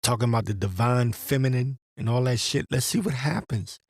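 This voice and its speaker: In a mid-range voice, a little fast, a religious commentator rambles through a profane rant and reads scripture aloud. The ranting monologue has studio-quality sound with no room sound.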